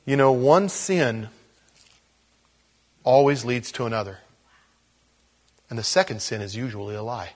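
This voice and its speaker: A man's voice: medium pitch, unhurried, pauses often, darkish tone, slightly rough. A man preaching in a casual teaching style, reading scripture and adding chatty asides with little acted-out quotes. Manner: casual, chuckles at his own asides, acts out quotes. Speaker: pastor. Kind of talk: conversational Bible teaching.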